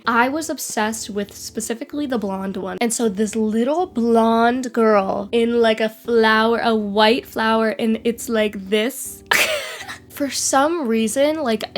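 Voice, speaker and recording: A young woman in her twenties, slightly sick with a cold, chatting casually and unscripted as a channel host, rambling and giggling, saying "like" a lot. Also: on the high side. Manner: rambling, giggly, says "like" often. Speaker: YouTube host. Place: indoors under bright lights.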